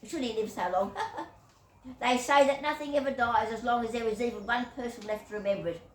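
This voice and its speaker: A woman's voice: on the high side, fairly quick. An older Australian woman rambling through whimsical anecdotes with chuckles and digressions. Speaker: YouTuber. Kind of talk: rambling storytelling monologue. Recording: echoey room, distant mic, faint hiss.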